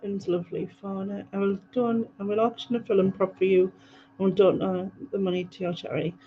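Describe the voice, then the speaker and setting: A woman's voice: medium pitch, flat delivery, fairly quick, a little hiss or hum. A woman hosting a livestream, casually rambling through viewer comments with frequent ums and laughs. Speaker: livestream host. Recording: dull lo-fi livestream audio.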